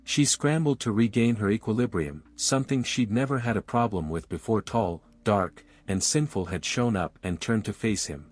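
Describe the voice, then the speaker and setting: Low-voiced male audiobook narrator. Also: normal speed, hardly any pauses, soft background music. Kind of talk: audiobook narration of a romance novel.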